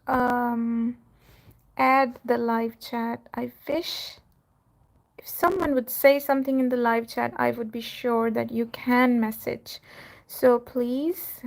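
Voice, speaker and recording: A cattery owner hosting her own channel chats casually on a live stream, laughing often and trailing off with fillers. Her voice sits on the high side and is creaky.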